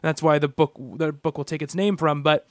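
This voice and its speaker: A man's voice: a little high, fairly even intonation, normal speed, dry recording, studio quality. Rambling man on a comics podcast. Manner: rambling, many restarts. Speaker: podcast co-host. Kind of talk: casual comic book chat.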